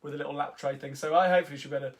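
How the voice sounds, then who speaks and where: A man's voice: on the high side, steady tone, very fast. A man with a London Cockney accent hosting a live sing-along, chatting casually and rambling with lots of ums between songs. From England.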